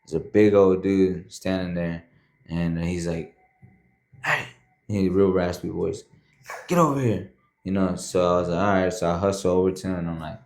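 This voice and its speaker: A man with a very low, deep voice speaks as a guest on a podcast. He tells his story casually and loosely, with plenty of fillers and a habit of saying "man" and "bro". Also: flat delivery, a little fast, dark tone.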